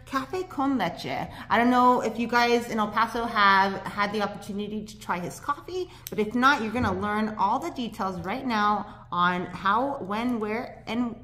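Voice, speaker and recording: A woman's voice: a little high, a little slow, few pauses, a bit bright. A woman hosting a casual local talk show from a studio, chatty and bubbly, laughing often, with a slight lisp from dental aligners.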